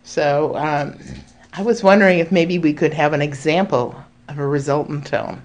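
A woman speaking earnestly and reflectively to a group, explaining ideas with frequent pauses and fillers. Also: deep voice, darkish tone. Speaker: speaker leading a spiritual group talk.

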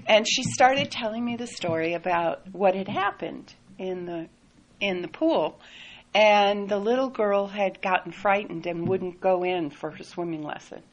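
A woman telling a personal story in a soft, reflective way, often laughing lightly. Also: medium pitch, measured pace, dull audio. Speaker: speaker sharing a personal story.

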